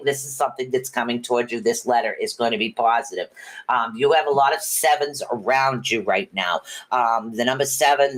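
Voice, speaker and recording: A woman's voice: extremely low pitch, a bit bright. Chatty woman giving tarot readings. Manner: chatty, rambling, with many fillers and restarts; upbeat and encouraging. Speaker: tarot reader hosting a livestream. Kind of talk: casual livestream chat and tarot readings.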